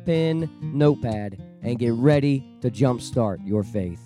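A man, the host and a pastor, reading a scripted podcast introduction in a measured, welcoming way. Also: mid-range voice, expressive. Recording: voice over guitar music.

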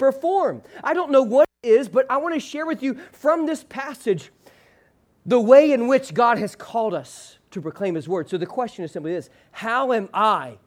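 In a church sanctuary, with a screen at his back, a man preaches to his congregation. He draws them into call-and-response, brakes hard on the central phrase, and lets each line trail off low and gentle.

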